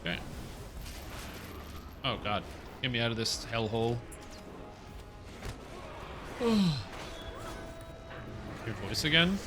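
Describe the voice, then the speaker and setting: Male streamer, mid-pitched, casual and rambly, excitable with the odd curse, game music running underneath. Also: takes it slowly, long pauses. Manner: rambling, excitable, swears, talks with teammates. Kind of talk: casual live-stream gaming chat.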